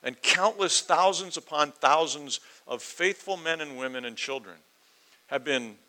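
Male preacher, bright forceful tone, earnest and emphatic verse-by-verse sermon delivery. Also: a little high, unhurried, poor audio. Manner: earnest, emphatic, with rising intensity and quoted questions.

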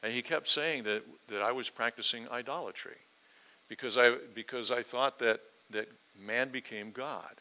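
A man delivers a verse-by-verse sermon in a bright, forceful voice. He is earnest and emphatic, often acting out the questions he quotes and pressing his points with rising intensity. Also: medium pitch, moderate pace, low-quality recording. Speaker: preacher.

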